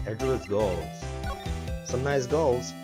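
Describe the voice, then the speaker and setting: A man's voice: mid-range voice, slow pace. A man doing casual, joking commentary while playing a game, with crude asides. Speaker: let's play host. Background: game music.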